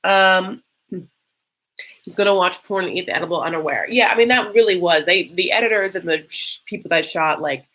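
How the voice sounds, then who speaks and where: A woman's voice: on the low side, a little fast, a bit bright. A woman hosting a live stream, reacting to a reality show in a chatty, sarcastic, theatrical way. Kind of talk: casual live reaction chat.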